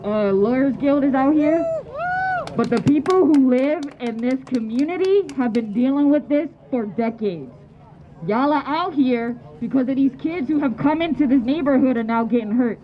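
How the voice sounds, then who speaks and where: A woman with a high voice speaks at an outdoor press conference, pressing her points with forceful, repeated appeals. A faint hum of outdoor noise sits under her voice. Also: muffled recording. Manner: forceful, repetitive rallying appeals. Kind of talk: impassioned public address. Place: outdoor parking lot.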